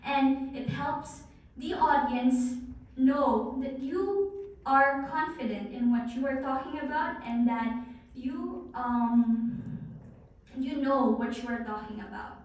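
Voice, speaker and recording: A woman's voice: sits high, slow pace, a little mellow. A woman giving a guest talk on presentation skills, coaching the audience and speaking straight to them in a large hall. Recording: very echoey hall, far from the mic.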